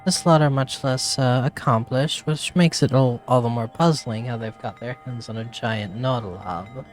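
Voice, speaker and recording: A man's voice: medium pitch, moderate pace, faint music behind, natural voice. A man reading a nervous, rambling woman village mayor in a fantasy game, polite and fretful. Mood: flustered.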